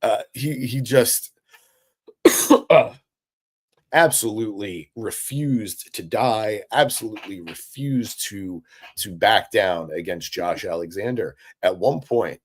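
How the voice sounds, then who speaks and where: A man's voice: fairly low pitch, slow, husky. A man hosting a live-stream recap, talking casually and with enthusiasm, answering chat with lots of fillers. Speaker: wrestling recap host.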